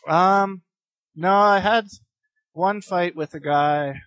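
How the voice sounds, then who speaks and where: With a high, smooth, slightly bright voice and a slow pace, this late-teen competitive gamer rambles through stories as a guest in a casual interview. There's no echo, and he laughs often between phrases, using many fillers and restarts.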